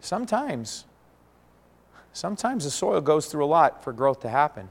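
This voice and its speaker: Earnest preacher in a reverberant hall. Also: male voice, on the high side, big pitch swings, moderate pace, creaky. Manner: earnest, rises and falls dramatically. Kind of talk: sermon.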